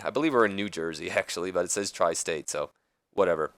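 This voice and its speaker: A man's voice: low voice, quick pace, a bit bright, no echo. Casual man rambling through game commentary. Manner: casual, rambling, self-correcting. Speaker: let's play commentator.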